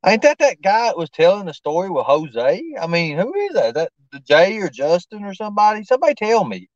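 A man's voice: sits high, big pitch swings, brisk, no echo, muffled recording. A man hosting a casual live stream, rambling and informal, often talking to himself as he works the screen. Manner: rambling, talks to himself while fiddling with the stream; informal, slangy. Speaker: livestream host.

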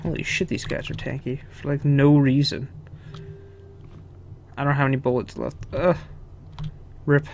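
A man's voice: mid-range voice, flat delivery, a little slow, vocal fry, long pauses, darkish tone. A young man casually commenting on his own gameplay, swearing, chuckling and talking to himself. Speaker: gaming video host. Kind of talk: casual let's-play commentary.

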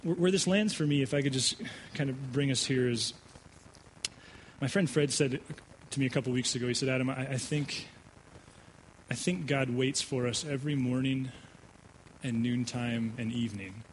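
A male pastor preaching a sermon, telling a personal story with animated delivery and frequent stammered restarts. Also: medium pitch, moderate pace, slight background noise, low-quality recording. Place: church sanctuary.

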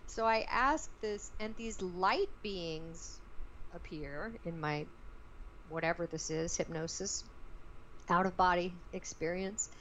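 A woman guest, an actress, tells a personal story in an interview in a lively, expressive way. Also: fairly low pitch, slow, slight background noise, rough recording.

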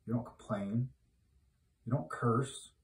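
A man's voice: medium pitch, slow. Man preaching informally in a roomy echo. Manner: conversational, grows loud and emphatic when exhorting. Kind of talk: informal sermon. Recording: roomy echo, mic at a distance.

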